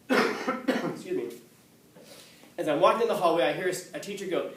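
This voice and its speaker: Speaking at a normal speed in a high register, a man gives a classroom lecture full of animated anecdotes. He acts out quotes and laughs often, and the recording picks him up from a distance in an echoey room.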